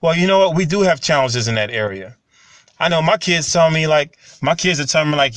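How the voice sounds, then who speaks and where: A man, talking casually and getting animated when he tells stories. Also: a little high, fairly quick, no echo. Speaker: commentary channel host. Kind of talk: casual monologue to camera.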